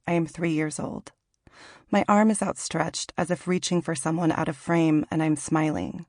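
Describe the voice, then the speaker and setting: A woman in her late thirties from Washington in the Pacific Northwest, reading her own memoir aloud in a measured, reflective way. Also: deep voice, fairly even intonation, darkish tone, no echo, studio quality. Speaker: author narrating her memoir. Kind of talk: audiobook memoir narration.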